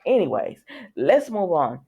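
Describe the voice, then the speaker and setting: A woman's voice: lowish voice, sing-song, a little slow, gravelly, dark tone, husky. Chatty woman recapping a soap episode. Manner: rambling, many fillers and restarts, chatty asides. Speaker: soap opera recap vlogger. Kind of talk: casual recap chat.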